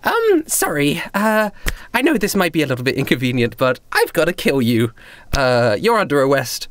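A man's voice: on the high side, big pitch swings, normal speed, a bit bright, slight background noise, voice pushed up. A man voicing a bubbly, overly optimistic young girl who is a jellyfish secret agent in a tabletop game. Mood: cheery. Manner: cheery, overly optimistic, apologetic.

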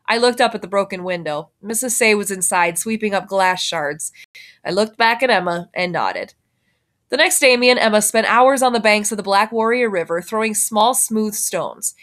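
A woman, a teacher, reading a children's novel aloud with expressive storytelling and lifting her voice for the characters. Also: medium pitch, normal speed.

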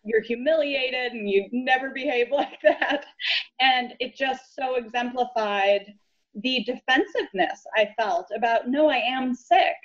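A woman guest, a lawyer, telling her story in an earnest, low-key way during a casual interview chat. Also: a little slow. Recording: dull lo-fi audio.

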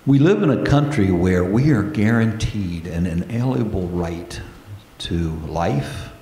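Male pastor, low voice, slow deliberate sermon delivery, reverberant sanctuary sound. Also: expressive, dark tone. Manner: earnest, slow preaching with prayerful pauses. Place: church sanctuary. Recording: echoey church hall.

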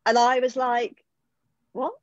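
A woman's voice: medium pitch, moderate pace, no echo, dull audio. A middle-aged British woman telling her personal recovery story in an interview, heartfelt and emotional, often stopping to restart her sentences. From United Kingdom. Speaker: guest.

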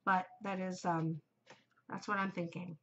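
A woman's voice: on the low side, flat delivery, measured pace, fairly bright tone, muffled recording, slight background noise. A middle-aged woman hosting a podcast, chatting casually and giggling, easily distracted. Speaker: podcast host. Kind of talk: casual chat to camera.

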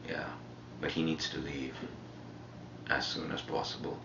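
A man with an Indian English accent talks in a very deep, gravelly voice, rambling along in a relaxed, profane way. He is picked up by a fixed camera mic in a shared house. The sound is muffled and roomy, with clear noise underneath. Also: measured pace. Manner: laid-back, profane, rambling. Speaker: reality show contestant. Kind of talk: casual chat.

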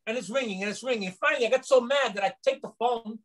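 A middle-aged pastor from New York, telling stories in a fairly high voice. He teaches through personal testimony and acts out the dialogue of each scene. The talk is lively and conversational, like a small-group sermon. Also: quick pace, low-quality recording. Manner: animated storyteller, acts out dialogue.

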